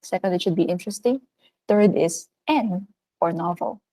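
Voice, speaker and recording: A woman with a Filipino accent, teaching a recorded video lesson. She speaks in an upbeat, animated way, with sudden lifts in pitch. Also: normal speed, low-quality recording. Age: adult of working age.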